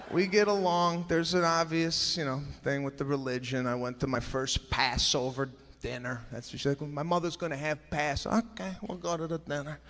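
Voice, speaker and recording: A man doing a stand-up set, animated and exasperated, acting out the people around him. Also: a little high, slight background noise. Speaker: stand-up comedian. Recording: live room with hall echo.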